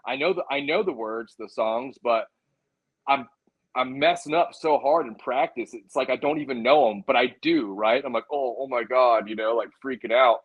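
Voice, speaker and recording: A male musician in a casual interview, telling a story in a rambling, animated way, full of fillers like "like" and "dude". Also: mid-range voice, moderate pace, slightly rough, narrow, tinny audio. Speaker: musician guest.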